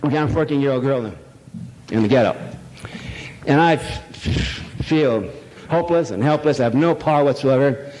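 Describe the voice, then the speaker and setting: An older man delivers a rambling, irreverent public lecture to a live audience, packing it with jokes, fillers and storytelling. His voice sits at medium pitch with a darkish tone and a normal speed. The large lecture hall sounds echoey, with faint background noise.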